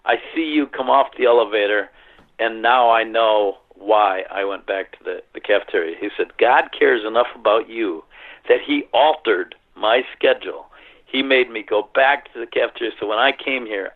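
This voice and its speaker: A middle-aged man recounting a personal story in an earnest, halting way, full of fillers and restarts, over a phone line. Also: on the low side. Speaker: interview guest.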